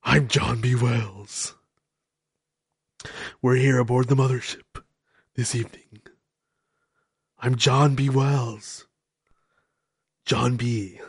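Brief: man impersonating a booming late-night radio host, slow grand announcer delivery, pitched a bit down. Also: fairly even intonation, gravelly, slightly rough, no echo, clean studio sound, heavily acted. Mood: grandiose.

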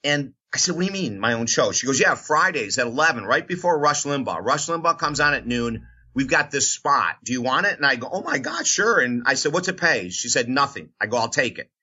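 Male radio host, bright tone, animated storyteller, muffled lo-fi audio. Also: mid-range voice, a little fast, breathy edge. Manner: animated storyteller acting out quoted voices. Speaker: radio host and motivational speaker. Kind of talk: storytelling interview answer.

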